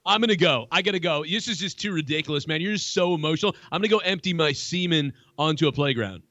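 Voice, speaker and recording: A man's voice: fairly high pitch, fast, sharp tone, dry recording, dull audio. A man calling into a show, taunting and repeating the same insults over and over. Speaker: caller.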